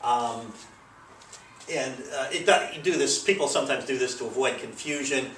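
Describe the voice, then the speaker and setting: Male teacher, mid-pitched, talking through a grammar lesson in a meandering way; recorded at a distance in a reverberant room. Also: moderate pace, fairly bright tone, slight background noise. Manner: loose, rambling explanation with many fillers. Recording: echoey room, mic at a distance.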